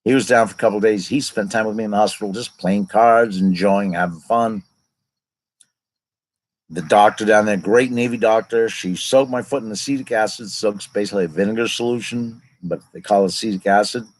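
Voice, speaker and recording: A man's voice: lowish voice, a little fast, low-quality recording. A man in his fifties casually telling a long personal story, rambling and digressing as he goes.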